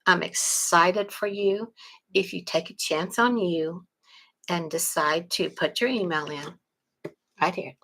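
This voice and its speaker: A middle-aged woman from South Texas with a Texan accent, chatting casually on a live stream, greeting viewers and pitching a webinar in a folksy way. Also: a little slow, a bit bright, rough recording. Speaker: online marketing promoter.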